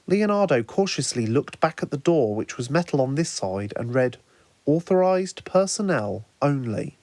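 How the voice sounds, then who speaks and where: A man narrating his own fan story in a lively storytelling manner. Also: medium pitch, moderate pace, dry recording. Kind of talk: fan audiobook reading.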